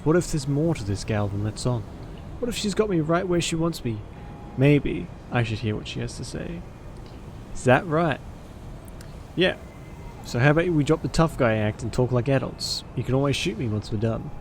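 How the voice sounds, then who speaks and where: A man's voice: mid-range voice, lively intonation, normal speed, a little mellow, slight background noise, natural voice. A man reading the lines of a cocky, hard-boiled young vampire with tough-guy swagger in a story game.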